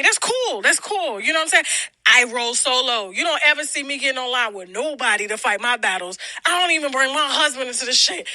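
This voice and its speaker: A woman gossip blogger rants straight to her audience, blunt and profane, slipping in quick impressions of the people she talks about. Her voice sits very high and cuts through sharply, and the sound is close and dry with no room around it. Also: pushed and bright, no echo. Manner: blunt, brash and heavily profane, acting out others' lines. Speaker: celebrity gossip blogger and channel host. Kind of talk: casual profane rant to camera.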